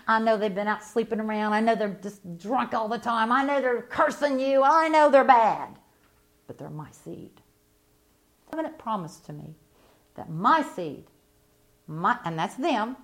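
Woman, middle-aged, preacher, fervent sermon, fairly high voice, loud emphatic bursts.

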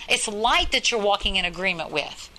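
A woman's voice: mid-range voice, lively intonation, moderate pace, bright, forceful tone, rough recording. A woman preaching a sermon in an earnest, emphatic way, often repeating her phrases.

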